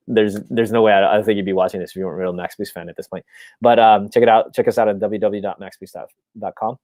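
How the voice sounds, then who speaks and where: A man hosting his own live stream, chatting casually and excitedly, rambling with lots of fillers and restarts. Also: on the low side, no room sound.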